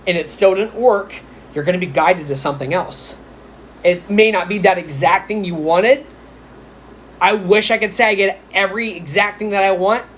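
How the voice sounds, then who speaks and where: A man's voice: sits high, a little hiss or hum. A psychic man giving casual spiritual advice on a live stream, chatty and rambling, with playful asides. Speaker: psychic medium.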